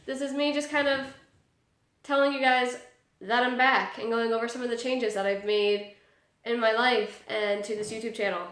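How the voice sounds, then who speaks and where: A woman's voice: fairly high pitch, normal speed, fairly bright tone, echoey room. A woman, vlogging in a chatty, upbeat way and sounding nasal and congested from allergies. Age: 20s. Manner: chatty and upbeat, rambling asides. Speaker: book vlogger. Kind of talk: casual vlog talk. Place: small room at home.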